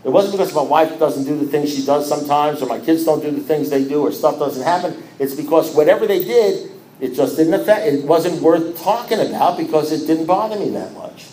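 Animated man telling his recovery story. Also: on the high side, fairly quick, slight background noise. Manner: animated storyteller who acts out dialogue with repetition. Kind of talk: recovery meeting talk. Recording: roomy echo with faint ambience.

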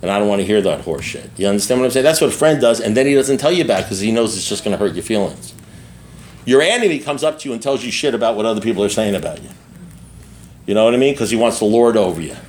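A man's voice: mid-range voice, animated, rapid-fire, darkish tone, a little hiss or hum. Blunt, rambling older man speaking candidly. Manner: blunt, repetitive and profane, with frequent asides to the listeners. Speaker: speaker at a recovery meeting. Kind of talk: candid personal talk to an audience.

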